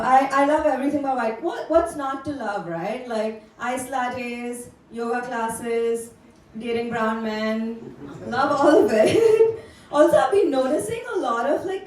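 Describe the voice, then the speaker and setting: A woman's voice: high voice, a little mellow, slight background noise. A young woman from India doing a bubbly, teasing stand-up set in a basement club. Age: young adult. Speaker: stand-up comedian. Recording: echoey room from far off.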